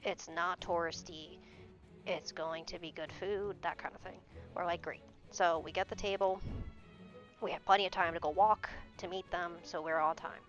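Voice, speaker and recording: A young woman streamer chatting casually in a lowish voice, blunt and quick to swear. The stream audio is dull and lo-fi, with faint music underneath. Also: fairly even intonation. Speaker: game streamer. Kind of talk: casual chat.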